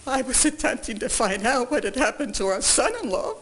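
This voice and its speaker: A woman's voice: fairly high pitch, expressive, fairly quick, fairly bright tone. An older woman giving testimony in a courtroom, answering questions with brief, careful replies. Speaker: witness.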